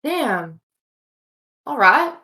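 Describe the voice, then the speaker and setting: A woman's voice: high voice, very animated, extremely slow, sharp tone. A woman playing in a tabletop game, reacting with short exclamations. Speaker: player.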